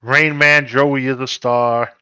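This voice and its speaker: A man's voice: mid-range voice, steady tone, slow pace, pushed and bright, smooth, dry recording. A man hosting a casual live stream, reading out viewer comments with blunt, teasing banter. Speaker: host. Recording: dull dry lo-fi audio.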